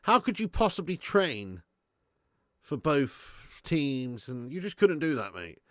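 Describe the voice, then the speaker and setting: A man's voice: a little high, slow pace, dry recording, clean studio sound. A man hosting a live football watch-along, bantering with chat and swearing freely. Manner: animated banter with swearing, reads and answers chat.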